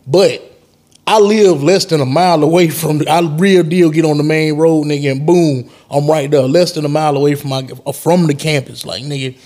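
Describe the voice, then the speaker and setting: Young male podcast host with a slightly high voice, loose and profane, lively when retelling a wild night. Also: moderate pace. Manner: animated, profane, slangy, pitches up when quoting himself. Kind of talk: casual storytelling.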